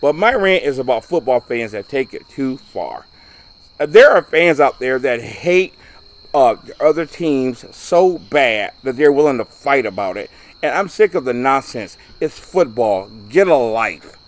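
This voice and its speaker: A man's voice: medium pitch, very animated, unhurried. A man co-hosting a casual local football show, ranting bluntly and driving his points home with "okay?". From Ohio, USA. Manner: blunt, emphatic, repeats "okay?" for emphasis. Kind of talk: casual rant.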